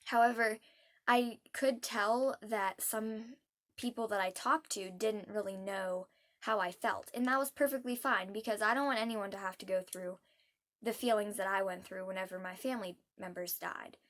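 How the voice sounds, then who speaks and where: A young adult woman vlogging heartfelt advice, earnest and soft-spoken, pausing often with hesitant ums. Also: mid-range voice.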